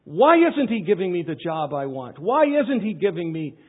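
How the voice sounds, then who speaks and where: A pastor preaching a sermon, swinging from loud pleading questions to quiet asides. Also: male voice, high-pitched, very animated, moderate pace, husky. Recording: tinny phone-like sound.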